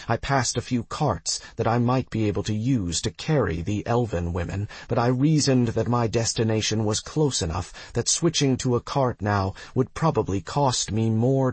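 Male audiobook narrator, husky and low, dry close sound. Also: dry recording. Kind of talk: scripted narration.

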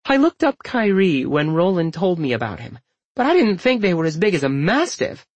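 Firm, even-tempered mother in a storybook reading, as a male narrator lifts his voice for her. She speaks in a measured, steady way. The recording is dry and close. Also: high-pitched, dry recording, highs cut off, voice pushed up, full character voice. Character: calm, firm mother, adult woman.

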